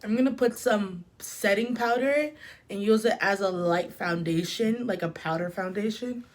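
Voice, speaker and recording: A woman's voice: mid-range voice, moderate pace. A young woman chatting casually through a storytime while doing her makeup, full of "like" and "literally". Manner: chatty, filler-heavy with frequent "like" and "literally". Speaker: beauty vlogger.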